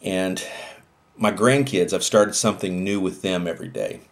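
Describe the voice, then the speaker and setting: An older man with a very deep, low voice speaks earnestly and reflectively about family. His delivery is heartfelt and sincere, like an inspirational talk show host. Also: normal speed.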